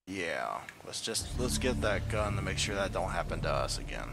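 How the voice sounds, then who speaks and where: A man's voice: low voice, big pitch swings, normal speed, vocal fry, few pauses, background noise. A man giving casual gameplay commentary, rambling with joking asides and correcting himself as he goes. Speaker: let's play commentator.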